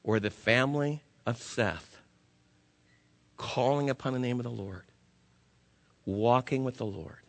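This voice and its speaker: A man preaching in a church sanctuary, his voice pitched in a middle range. He swings from loud, urgent appeals to hushed, drawn-out emphasis. A long reverb from the large hall trails behind every phrase. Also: vocal fry. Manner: impassioned, swings between loud urging and hushed, slow emphasis. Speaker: pastor. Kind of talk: sermon.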